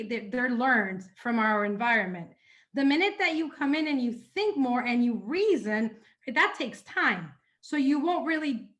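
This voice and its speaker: High-voiced woman explaining psychology. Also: a bit bright. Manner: eager, repeats words while explaining. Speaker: presenter, psychology trainer. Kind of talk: explanatory lecture. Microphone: video call.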